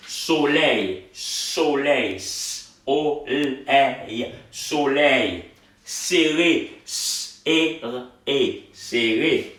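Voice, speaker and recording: Male language teacher, bright voice, very slow, repeats and spells words, echoey room, off-mic. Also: medium pitch, recorded from a distance. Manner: slow, drawn-out word repetition for practice.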